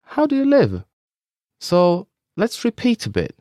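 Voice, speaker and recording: A man's voice: high-pitched, huge pitch swings, unhurried, dark tone, dry recording, studio quality. A man co-hosting a scripted language lesson, upbeat and encouraging toward listeners.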